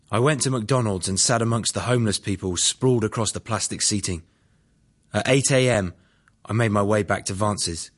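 A man's voice: on the low side, normal speed. A man narrating his own life story in a dry, plain-spoken first-person audiobook reading. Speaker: memoir narrator.

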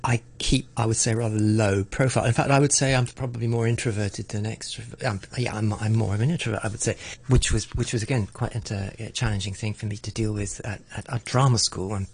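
A man's voice: on the low side, steady tone, a little fast, hardly any pauses, darkish tone, breathy edge. A middle-aged man in a conversational interview, talking reflectively with frequent restarts and stammered repeats. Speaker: interviewee, arts broadcaster.

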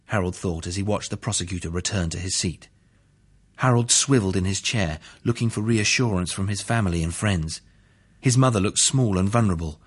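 A man reads a story aloud in a steady, even way. His voice sits low and has a husky, breathy texture. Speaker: narrator. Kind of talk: storytelling narration.

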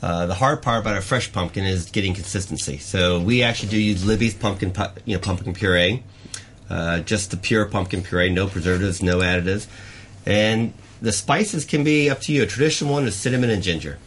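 A man's voice: lowish voice, fairly bright tone, slight background noise. A man, a chef guest on the radio, explaining a recipe step by step. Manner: quick, explanatory. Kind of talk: casual radio interview.

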